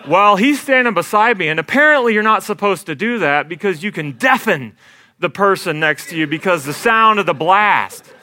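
A young man tells a comic story in a high, bright voice, animated and self-deprecating, often laughing mid-sentence. The sound is dry and close, with no room echo. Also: normal speed.

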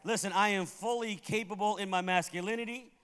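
High-voiced preacher with hall reverb. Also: male voice, fairly even intonation, brisk, fairly bright tone, clean tone. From Puerto Rico. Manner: humorous storytelling, laughs at his own tales. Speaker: pastor. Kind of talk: sermon.

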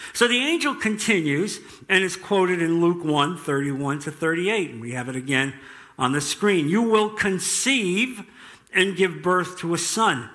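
A man with a high, bright voice delivers a sermon to his congregation. He speaks earnestly as a pastor and slows down to read scripture passages aloud. His tone stays clear and forward throughout. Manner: earnest preaching, reads scripture aloud slowly.

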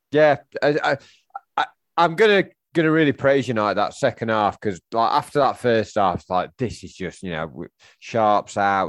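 Man, casual podcast co-host, low voice, lively pitch, dry mic. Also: dry recording. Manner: excitable, laughs often, restarts sentences. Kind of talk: casual chat.

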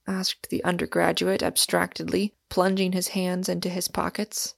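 A woman narrating a story in a measured, even audiobook reading. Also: fairly low pitch, gravelly, no room sound, clean studio sound.

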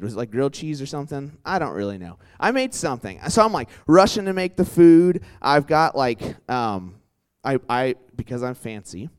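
A young man preaching in a casual storytelling style, chatty and animated, full of asides and questions put to a live audience. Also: medium pitch, clear, resonant tone. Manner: chatty and animated, full of "like" and "right?", quizzes the crowd. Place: church hall with a live audience.

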